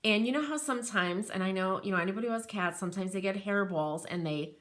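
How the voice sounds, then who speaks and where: A woman's voice: mid-range voice, fast talker, fairly bright tone. A middle-aged American woman hosting a live crafting stream, talking in a chatty, rambling way and reading out viewer comments. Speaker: craft channel host.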